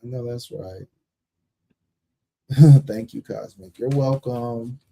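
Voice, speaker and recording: Blunt, dark-voiced male tarot streamer. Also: mid-range voice, takes it slowly, creaky, rough recording. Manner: blunt, profane, emphatic. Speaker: tarot reader and live stream host. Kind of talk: casual live-stream chat and reading.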